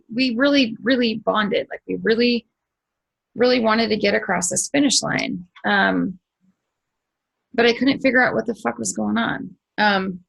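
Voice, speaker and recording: A woman's voice: fairly high pitch, gravelly, fairly bright tone, poor audio. A middle-aged woman hosting a spiritual channel, telling a story casually, swearing freely and acting it out with sound effects.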